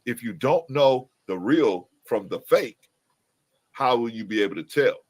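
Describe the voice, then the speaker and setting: A man speaking as a panelist in a casual debate, halting and searching for his words. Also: mid-range voice, expressive.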